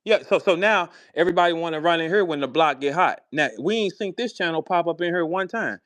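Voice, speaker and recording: Confrontational male host, high-pitched and profane, bouncing between taunts and laughter; dry sound. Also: fast talker, a bit bright, no room sound. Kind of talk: heated live audio chat. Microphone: online audio room.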